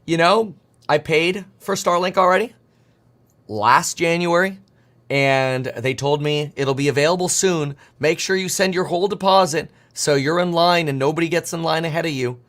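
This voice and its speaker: A man's voice: on the high side, a bit bright. A man in his thirties hosting a casual live stream about markets, rambling and joking as he clicks through charts. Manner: fast, rambling, jokey, talks to himself while clicking charts. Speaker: livestream host. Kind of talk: casual market commentary livestream.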